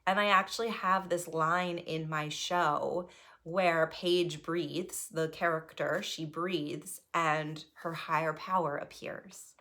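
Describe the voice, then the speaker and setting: A woman who improvises and performs solo shows, telling a personal story in a chatty, animated way and often tagging thoughts with "right?". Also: low voice, takes it slowly. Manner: chatty, keeps asking "right?" between thoughts; animated, voice jumps when reliving nerves.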